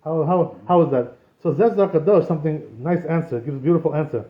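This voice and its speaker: A man's voice: on the high side, quick pace. A man, a rabbi, giving an informal Torah class in a conversational way, often saying "you know" and using Hebrew terms. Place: synagogue. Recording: echoey room, dull lo-fi sound.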